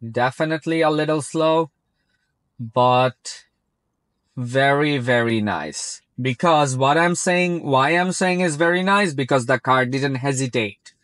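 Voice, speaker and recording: A man who speaks English as a second language chats casually from inside a moving car, remarking on its self-driving and repeating "very" and "like" a lot. His voice is medium-pitched and a bit bright, his pace unhurried, with no echo.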